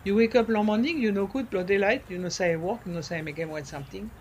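A man, talking casually in an interview. He slips French words into his speech and pauses often to search for words. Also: high voice, a little hiss or hum. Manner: searching for words, many fillers. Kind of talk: casual conversation.

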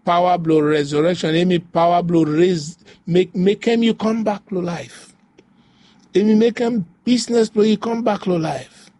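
A man's voice: sits high, steady tone, moderate pace, mellow, no echo. A man preaching a devotional sermon, repeating phrases in a rhythmic, rising way. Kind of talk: devotional sermon in pidgin English.

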